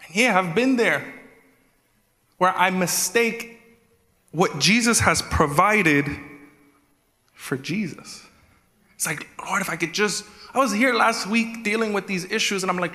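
A man's voice: a little high, measured pace, sharp tone. A man preaching a sermon as executive pastor, acting out prayers in a raised voice. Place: church sanctuary. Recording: reverberant church hall with music.

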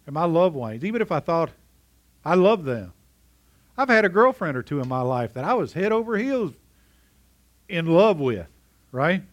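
A man's voice: on the high side, big pitch swings, normal speed, pauses often. A middle-aged man preaching a sermon in a conversational way, often asking his congregation questions. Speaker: pastor.

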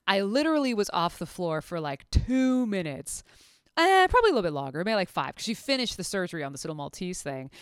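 A woman's voice: mid-range voice, quick pace, clear, resonant tone, dry recording, clean studio sound. Chatty woman veterinary anesthetist. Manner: chatty, animated, full of fillers and restarts. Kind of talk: casual storytelling.

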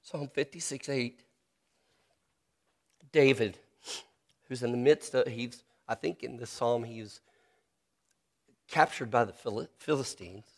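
A man preaching a sermon, earnest and personal, slowing down to stress key phrases. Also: mid-range voice. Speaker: pastor.

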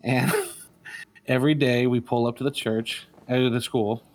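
A man's voice: mid-range voice, flat delivery, moderate pace. A middle-aged man, a father and interview guest, telling personal stories in an earnest, casual way, often restarting his sentences and acting out quotes. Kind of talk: casual storytelling.

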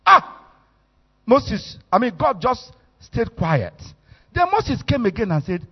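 A man with a Nigerian accent preaching a sermon, animated and storytelling as he acts out the quotes. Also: very high-pitched, slow pace, breathy edge. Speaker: bishop, preacher. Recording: echoey hall, muffled sound.

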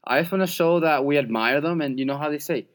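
A man's voice: on the high side, quick pace. A young man co-hosting a podcast, talking through games and betting picks in an easygoing way and laughing along. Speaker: podcast co-host. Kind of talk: casual sports-betting chat.

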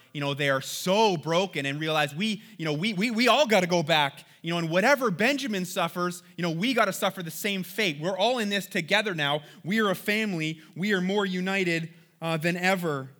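A man's voice: sits high, normal speed, sharp tone. A man preaching a sermon, reading scripture aloud and then commenting on it, often checking in with "right?". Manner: conversational preaching with frequent "right?" check-ins. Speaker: pastor.

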